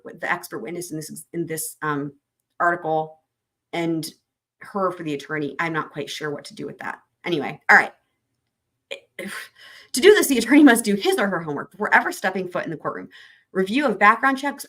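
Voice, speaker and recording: A woman's voice: on the low side, fairly bright tone. A woman hosting a livestream who reads legal text aloud and then breaks off to chat and answer viewer comments. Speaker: livestream host reading trial commentary. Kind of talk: casual explanatory livestream.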